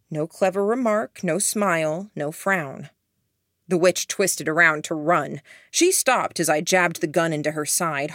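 A woman narrating an audiobook in the first person in a measured, even storytelling manner. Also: sits low, no room sound, studio quality.

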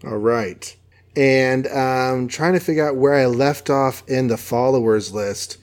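A man's voice: mid-range voice, a little slow. A man co-hosting a podcast in casual chat, talking with lots of ums. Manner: chatty, many ums, slips into acted voices. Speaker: podcast co-host.

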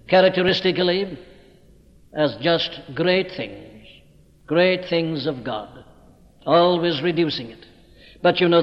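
A man preaching an evening sermon in an emphatic, declamatory way, hammering words with rising stress. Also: on the high side. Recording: dull old recording with long hall reverb.

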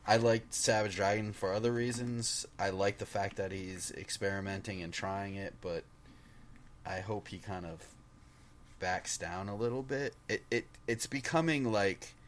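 Man, very low voice, casual podcast chat, hesitant, restarts a lot. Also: fairly even intonation, a little slow, slight background noise. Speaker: podcast co-host. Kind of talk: casual comic book discussion.

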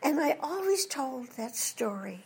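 Her voice sits high and sounds a little mellow yet slightly rough, and she speaks very animatedly but a little slowly. She is an older woman and voice actress, a guest telling stories in an interview, using British voices for humor.

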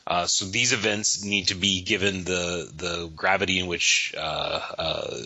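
A man co-hosting a podcast, giving advice in a halting way and often repeating his words. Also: deep voice, fairly even intonation, bright, forceful tone, slightly rough, dull audio. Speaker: podcast co-host. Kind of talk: casual panel chat.

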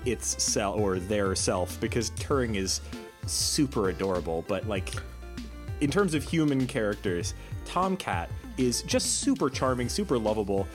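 A man's voice: lowish voice, lively intonation, measured pace, soft background music. A man from Texas co-hosting a podcast, talking earnestly with frequent restarts. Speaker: podcast co-host. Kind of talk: casual podcast discussion.

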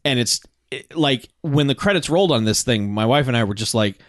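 Podcast co-host, male, mid-pitched, rambling and profane, dry close mic. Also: expressive, fairly quick, dry recording. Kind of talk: casual movie review chat.

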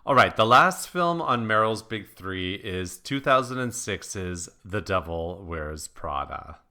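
A woman co-hosting a podcast, introducing films in a measured way during casual film review chat. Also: a bass voice, expressive, sharp tone. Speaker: podcast co-host.

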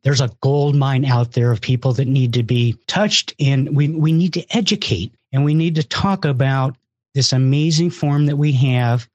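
A man's voice: mid-range voice, fairly even intonation, moderate pace, darkish tone, no echo, lo-fi sound. Man, enthusiastic host, emphatic, repeats himself, dry sound. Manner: emphatic, repeats words, exhorts listeners. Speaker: event organizer and host. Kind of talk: enthusiastic live show talk.

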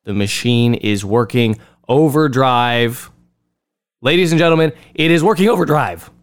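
A man's voice: mid-range voice, unhurried, clear, resonant tone. A man hosting a political commentary show, talking in a sarcastic, mocking way and repeating phrases to ridicule them. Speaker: host.

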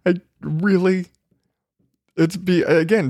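A male podcast host rants in a loose, profane monologue and keeps breaking into laughter. His voice sits a bit high for a man, he talks in an unhurried way, and the sound is close and dry. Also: darkish tone, no room sound. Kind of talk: casual monologue.

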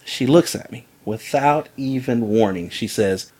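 A man's voice: mid-range voice, normal speed, slightly rough. A man telling a funny personal story in casual chat, acting out the lines of others and laughing as he goes. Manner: animated, breaks into laughter, acts out quotes.

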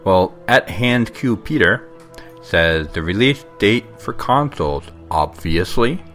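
A man's voice: lowish voice, expressive, takes it slowly, fairly bright tone, soft background music. A man co-hosting a gaming podcast, reading tweets in playful casual chat. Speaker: podcast co-host.

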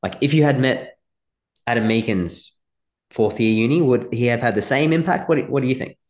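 A man's voice: medium pitch, normal speed. A man hosting a podcast, asking long, rambling questions as he feels his way through them. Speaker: podcast host. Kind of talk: conversational podcast interviewing.

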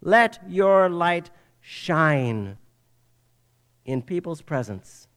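An older man preaching a sermon, telling a children's story with an animated preacher's delivery. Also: fairly high pitch, drawn-out words, clean tone. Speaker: pastor.

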